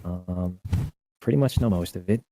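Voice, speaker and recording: A man on a recorded voice call, talking quietly and hesitantly in a mumble, with his mic cutting out. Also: low voice, normal speed, no room sound, low-quality recording. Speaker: streamer on a call. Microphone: voice-call microphone cutting out.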